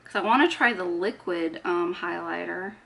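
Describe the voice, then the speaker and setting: A woman's voice: fairly low pitch, moderate pace, gravelly, fairly bright tone. A woman chatting casually while she does her makeup, talking through each step and poking fun at herself. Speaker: beauty vlogger. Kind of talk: casual get-ready-with-me chat.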